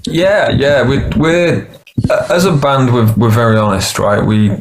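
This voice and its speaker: A man's voice: medium pitch, a little slow, slight background noise, low-quality recording. A man, a band's singer and songwriter, talking earnestly in a casual interview and restarting his sentences often. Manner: earnest, rambling with many restarts.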